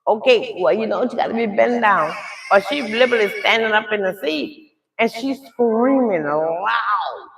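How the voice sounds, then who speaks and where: A middle-aged woman telling a story live in a casual way, animated and talking straight to her audience. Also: fairly high pitch, moderate pace, creaky, reverberant, rough recording.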